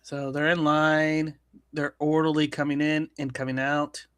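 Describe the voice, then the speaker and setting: A man hosting a casual comedy news show, talking in halting bursts with restarts and chuckles. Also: a little high, flat delivery, fairly bright tone, clear, resonant tone, dry recording, studio quality. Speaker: news commentary host.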